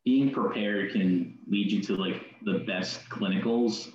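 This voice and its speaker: A young man in his twenties gives practical, matter-of-fact advice. His very deep voice stays flat, and the recording sounds dull and roomy with a faint hiss behind him. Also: a little slow. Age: 20s. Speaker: nursing student guest. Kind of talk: casual podcast chat.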